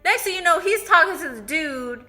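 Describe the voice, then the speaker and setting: A woman's voice: very high-pitched, lively intonation, brisk, bright, forceful tone, soft background music. A woman casually retelling a film's plot as a movie reviewer, chatty and full of "like"s. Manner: chatty storytelling with many "like"s. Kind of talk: casual spoken film recap.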